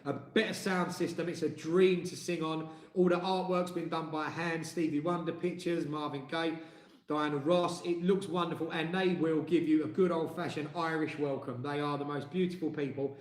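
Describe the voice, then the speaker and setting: A man's voice: on the high side, fairly even intonation, moderate pace. Chatty man in an echoey room. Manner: chatty, jokey, reads viewer comments aloud. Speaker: live stream co-host and singer. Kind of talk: casual live-stream chat.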